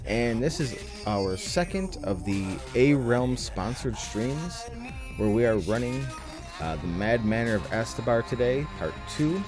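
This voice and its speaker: A man's voice: medium pitch, expressive, a little slow, over music. A man acting as game master on a casual streamed tabletop session, chatty and rambling, teasing his players, speaking into a headset.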